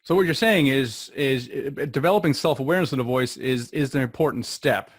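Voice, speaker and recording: A man's voice: medium pitch, a little fast, breathy edge, dry recording. A man hosts an interview podcast and asks long, meandering questions, often starting over partway through. His voice sits in the middle range, and the recording is close and dry with no room sound. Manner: hesitant, many fillers and restarts. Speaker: podcast host.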